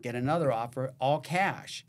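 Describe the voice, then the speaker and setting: A man's voice: medium pitch, moderate pace. Chatty man sharing stories. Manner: laughing, quoting people in stories. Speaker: podcast co-host, realtor. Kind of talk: casual storytelling chat.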